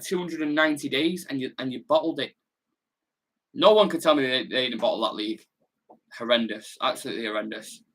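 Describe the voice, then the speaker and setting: His voice is mid-range, slightly bright and husky. As a young football fan channel host from Salford, England, with a Salford, Manchester accent, he hosts a watch-along and goes through viewer comments, chatting bluntly and full of slang.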